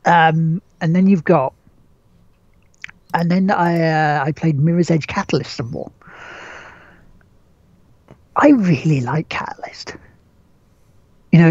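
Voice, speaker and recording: A man talks loosely about his week of gaming, restarting sentences and swearing offhandedly. His voice has a husky, breathy edge. The recording is muffled and lo-fi, with a dry, close sound. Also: on the high side, darkish tone, dry recording. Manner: rambling, swears casually, frequent restarts and chuckles. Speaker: podcast host. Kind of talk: casual gaming chat.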